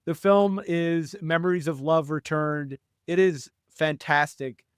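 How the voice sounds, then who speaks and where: A man's voice: on the high side, steady tone, takes it slowly, smooth, no echo, studio quality. Enthusiastic male podcast host. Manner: enthusiastic, effusive with praise. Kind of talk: podcast interview.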